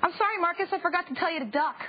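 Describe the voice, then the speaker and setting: A woman's voice: very high voice, rapid-fire. A woman co-hosting a tech TV show, chatty, playful and teasing in casual banter. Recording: dull old TV broadcast with faint hiss.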